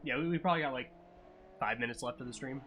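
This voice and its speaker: Bright-voiced guy chatting over a streamed sim race, offhand, yelps at wrecks, faint engine hum behind. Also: mid-range voice, fast. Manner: chatty and offhand, jumps to excited yelps at crashes. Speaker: streamer commentating a racing sim. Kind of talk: casual live-stream race commentary.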